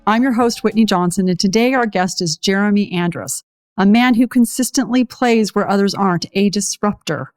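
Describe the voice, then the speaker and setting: A woman with a mid-range voice introduces her guest and asks him questions in a smooth, measured podcast manner. Her voice is close and dry, with faint music running underneath. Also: mid-range voice, no room sound. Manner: polished, measured delivery. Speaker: podcast host. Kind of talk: scripted podcast intro and interview.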